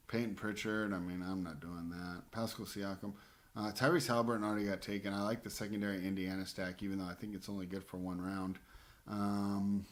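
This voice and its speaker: A man hosting a fantasy basketball show, talking casually as he drafts and thinking aloud with many fillers. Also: lowish voice. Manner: frustrated rants at a rival drafter. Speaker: fantasy basketball podcast host.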